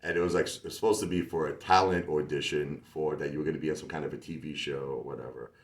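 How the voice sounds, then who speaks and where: A man's voice: very deep voice, fairly even intonation, fast. A man, a singer-songwriter, telling a rambling, casual story full of asides and fillers. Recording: roomy echo with faint music behind.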